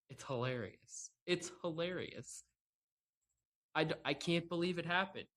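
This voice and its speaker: This solo sports podcast host has a slightly high, fairly bright voice and talks a little slowly. He rants sarcastically and in exasperation, frequently breaking into laughter, speaking into a laptop microphone rigged with a camera.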